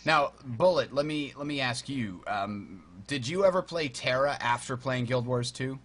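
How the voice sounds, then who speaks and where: Male podcast host, bright tone, lively casual chat. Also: medium pitch, normal speed. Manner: animated, acts out his own reactions.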